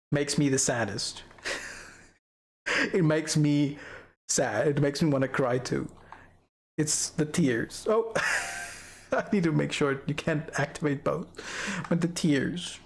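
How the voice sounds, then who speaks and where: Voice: medium pitch, gravelly. A young adult livestreamer chatting casually with viewers while showing off an avatar model, giggling often and rambling through thoughts. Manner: giggly, rambling, talks to chat. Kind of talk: casual live-stream chat.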